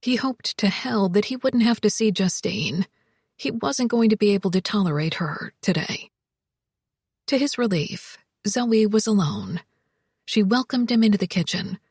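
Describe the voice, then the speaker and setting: Husky-voiced woman narrating an audiobook. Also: mid-range voice, no room sound, studio quality. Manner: measured, even storytelling.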